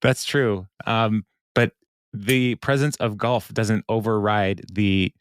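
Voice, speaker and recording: He talks slowly in a steady, lowish voice with a smooth sound, co-hosting a podcast where he casually recaps a TV episode. His manner is rambling, heavy on fillers, and full of laughter.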